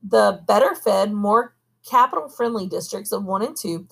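A woman reading a novel aloud at a steady pace, now and then pausing to correct herself. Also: mid-range voice, gravelly, breathy edge. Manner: steady reading with occasional coughs and self-corrections. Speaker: audiobook reader. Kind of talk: amateur audiobook reading.

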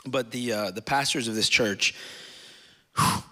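A man's voice: medium pitch, a little slow, bright, forceful tone. A man in his thirties preaching a sermon in a church, emotional and rambling, getting tearful at times. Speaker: guest preacher. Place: church stage.

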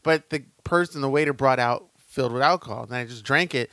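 A man's voice: medium pitch, fairly quick, fairly bright tone, no room sound. A man in his thirties hosting a casual podcast chat, telling loose stories and laughing often.

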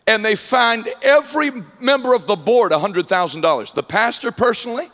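A preacher with a high, expressive voice delivers a brisk sermon, trading jokes and stories with his congregation. His humorous storytelling builds from an easy tone to ringing shouts, echoing under a long hall reverb.

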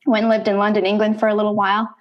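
A middle-aged woman, an interview guest, telling her life story in conversation, animated and acting out bits of past dialogue. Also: medium pitch, racing, muffled recording.

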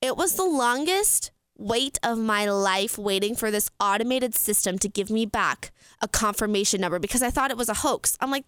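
Young woman host recapping a story, chatty and animated; bright, high, forceful voice. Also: moderate pace, hardly any pauses, no room sound. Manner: animated, laughs often, says "like" and "frickin'". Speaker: podcast host. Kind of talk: excited casual storytelling.

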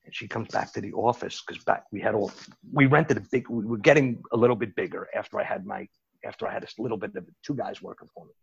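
A man's voice: lowish voice, fast, gravelly, lo-fi sound, a little hiss or hum. A man telling stories as an interview guest, rambling casually with many restarts and asides. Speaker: interview guest recounting his bookmaking days. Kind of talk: casual storytelling.

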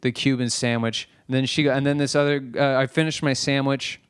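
A man co-hosting a podcast, telling stories in a lively, casual way with plenty of swearing. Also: mid-range voice, a little fast, clean tone, no echo, clean studio sound. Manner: animated storyteller, swears freely. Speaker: podcast co-host. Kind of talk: casual chat.

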